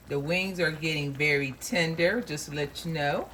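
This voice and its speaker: Woman, low voice, homey cooking-show host, chatty and warm to the camera, faint kitchen noise. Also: unhurried, hardly any pauses. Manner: homey, chatty, addresses viewers as y'all. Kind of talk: casual cooking demonstration. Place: home kitchen.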